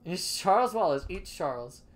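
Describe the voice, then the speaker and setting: Low-voiced woman playing a text game. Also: animated, normal speed. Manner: playful, reads game text aloud, laughs often. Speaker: game streamer. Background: keyboard typing.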